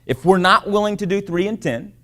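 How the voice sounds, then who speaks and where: Emphatic man pitching to a crowd. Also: a little fast, bright, forceful tone. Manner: emphatic, repeats key phrases with frequent "right?" and "okay?". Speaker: business presenter. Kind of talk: sales pitch to a live audience.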